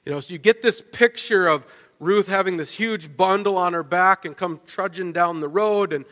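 A man preaching a sermon, telling the story in a lively way and often checking in with "right?". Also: sits high, moderate pace. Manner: animated storytelling, with frequent restarts and "right?" asides. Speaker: pastor. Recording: long reverb of a large hall.

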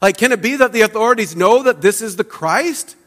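A man's voice: high-pitched, expressive, fairly bright tone, big-room sound, voice pushed up. A man voicing a skeptical crowd member who fires off incredulous questions in a sermon. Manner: incredulous, quick rhetorical questions. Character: doubting grumbling crowd member, male adult.

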